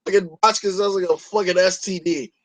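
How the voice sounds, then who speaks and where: A man's voice: high-pitched, steady tone, fairly quick, poor audio. A man hosting a podcast in a casual chat, opinionated and rambling, swearing freely. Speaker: podcast host.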